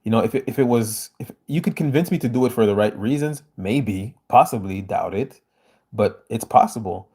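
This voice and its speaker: A man's voice: lowish voice, normal speed, mellow, breathy edge. A man hosting a casual livestream, reading viewer comments aloud and answering them in an earnest, emphatic way.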